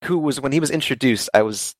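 A man's voice: medium pitch, fast, no room sound. A man chatting casually about games, rambling and laughing easily. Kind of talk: casual game discussion.

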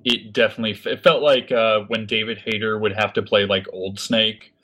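A man talking in a thoughtful, measured way during a casual discussion. His voice sits fairly low. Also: fairly even intonation, fairly bright tone.

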